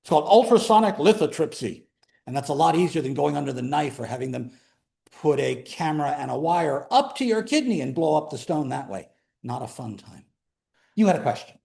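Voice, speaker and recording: Male college math teacher, fairly high voice, chatty classroom lecture with jokey asides. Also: lively intonation, creaky, warm tone. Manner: pace swings between slow emphasis and quick runs. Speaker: math instructor.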